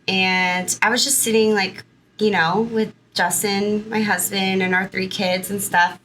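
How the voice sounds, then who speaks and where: A woman's voice: medium pitch, flat delivery, measured pace, fairly bright tone, slight background noise, rough recording. A woman in her thirties from Southern California, a guest in an interview, telling her own story in a chatty way full of "like" and "you know".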